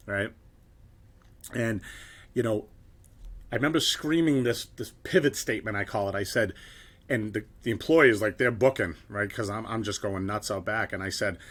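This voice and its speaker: A man's voice: on the low side, moderate pace, pauses often, a bit bright. A middle-aged man giving a motivational talk, telling his own story bluntly, swearing and tagging points with "right?". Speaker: keynote speaker.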